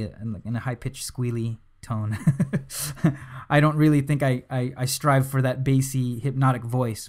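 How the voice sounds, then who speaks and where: Casual, rambling hypnosis teacher, man. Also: medium pitch. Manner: relaxed, conversational, many fillers and restarts. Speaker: hypnosis instructor. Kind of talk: casual instructional talk to camera.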